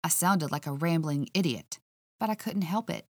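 A woman's voice: on the low side, moderate pace, no room sound, clean studio sound. A woman hosting a podcast, narrating a mystery story in the first person with a chatty, folksy manner.

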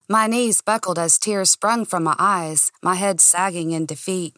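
A woman narrates a mystery serial in a cozy, expressive first-person reading. Her voice sits on the low side and is recorded dry and close. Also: unhurried, no room sound. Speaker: storyteller. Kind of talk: audiobook narration.

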